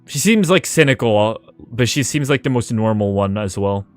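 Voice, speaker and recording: A man's voice: lowish voice, moderate pace, faint music behind. A male game streamer chatting casually on a live stream, swearing and laughing as he thanks donors. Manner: animated, swears, laughs a lot.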